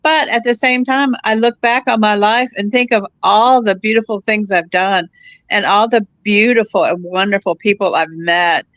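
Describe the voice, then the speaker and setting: A woman in her seventies, a guest in a casual chat, tells personal stories with easy laughter, often restarting her phrases as a warm storyteller. Her voice is mid-range at normal speed, with no echo.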